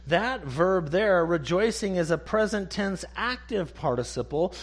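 A man preaching a sermon in an emphatic way, asking rhetorical questions and then dropping to soft, short one-word answers. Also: sits high.

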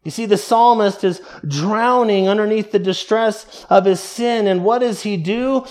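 A male preacher with a notably high voice delivers an earnest sermon. He sinks low and soft to press a point, then stretches quoted prayers out slowly and deliberately.

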